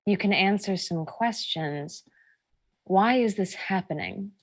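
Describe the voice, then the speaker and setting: A woman's voice: medium pitch, slow pace. Sassy woman tabletop player. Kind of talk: in-character tabletop play.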